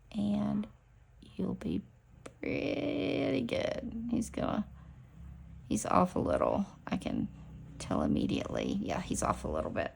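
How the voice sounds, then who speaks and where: A middle-aged woman with a deeply gravelly, husky voice, talking slowly and casually while she works. Her tone is dark and mellow. She rambles chattily and often drops into soft whispers mid-sentence. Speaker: nail art vlogger. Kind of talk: casual chat while stamping nails.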